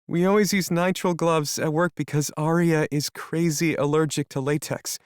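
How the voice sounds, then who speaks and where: A man's voice: on the high side, steady tone, normal speed, clean tone, dry recording, clean studio sound, pitched above the performer's own voice, lightly acted. Man doing a sniffling young woman. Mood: anxious. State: sniffly, stuffed up. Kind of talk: audiobook character voice.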